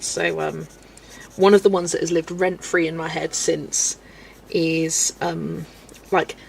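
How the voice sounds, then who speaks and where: On a colouring live stream, a woman with a Wiltshire accent from Southwest England talks in a lowish, gravelly voice against slight background noise. She keeps it casual and self-deprecating, often laughing as she takes questions from chat.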